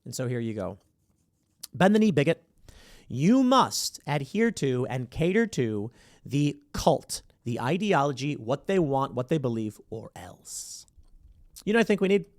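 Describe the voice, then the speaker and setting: A man's voice: mid-range voice, sing-song, measured pace, no room sound, studio quality. A man hosting a commentary show, talking in a sarcastic, opinionated way and acting out the voices he quotes. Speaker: podcast host.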